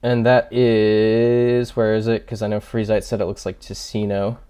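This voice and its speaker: With a low, dark, clear and resonant voice, a man gives casual livestream commentary on a game. His delivery is flat and a little slow as he thinks aloud, reads chat and jokes self-deprecatingly with his viewers.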